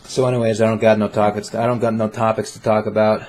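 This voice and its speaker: A young man talks into a desk condenser mic in his room, in a casual vlog. His voice sits a bit low, and he rambles playfully, mocks himself and restarts his sentences. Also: level tone, fast, a little mellow, slight background noise. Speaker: vlogger. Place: home room with webcam.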